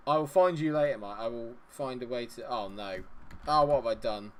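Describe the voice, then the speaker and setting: A man's voice: medium pitch, a little fast. A young man streaming a game, chatting and joking with viewers, laughing often. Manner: chatty, jokey, laughs often, talks to chat. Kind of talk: live-stream chat with viewers.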